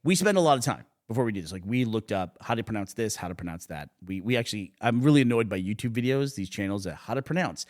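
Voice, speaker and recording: A man's voice: fairly low pitch, fast, hardly any pauses. A man co-hosting a podcast, telling stories in casual chat and laughing often. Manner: animated storytelling, laughing often, mocking voices for quotes. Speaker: podcast co-host.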